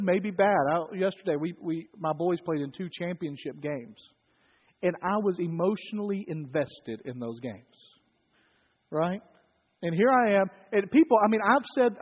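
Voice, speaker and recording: A middle-aged male pastor with a Southern US accent preaching a sermon in a folksy way, moving between loud storytelling and quiet, solemn preaching. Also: sits high. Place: church sanctuary. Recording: muffled, hall reverb from a church.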